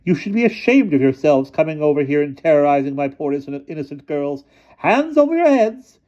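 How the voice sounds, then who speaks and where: A shrill, fierce old headmistress barks orders in a high, imperious, indignant voice, as a male reader puts her on. The sound is a little dull and lo-fi. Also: big pitch swings, a little fast, mellow.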